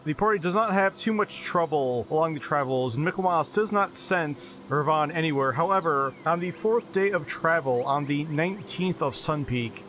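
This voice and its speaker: A man's voice: a little high, animated, moderate pace, few pauses, a bit bright, a little hiss or hum. A man running a tabletop game as game master, describing scenes with brief asides.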